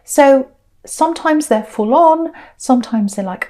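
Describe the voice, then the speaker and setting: A woman's voice: high-pitched, moderate pace, warm tone. A woman giving a casual tarot reading, chatty and searching, often repeating herself as she works out the cards. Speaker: tarot reader.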